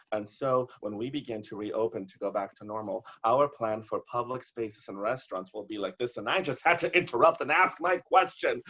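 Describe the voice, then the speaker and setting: A man performing bawdy comic poetry over a video call, theatrical and given to shouted punchlines. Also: medium pitch, muffled recording. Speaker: poet.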